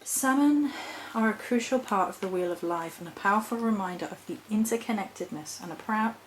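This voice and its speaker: Talking a little fast in a mid-range voice, a witch vlogger meanders thoughtfully through reflections on her spiritual practice, breaking off to fix what she said and laughing now and then. A bit of hiss or hum runs through the rough recording.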